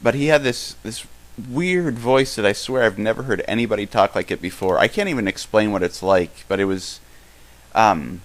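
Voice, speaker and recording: A young man co-hosting a live-stream podcast, rambling through his thoughts with lots of halts and restarts. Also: lowish voice. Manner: rambling, halting, many restarts. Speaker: podcast co-host. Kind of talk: casual live-stream Q&A chat.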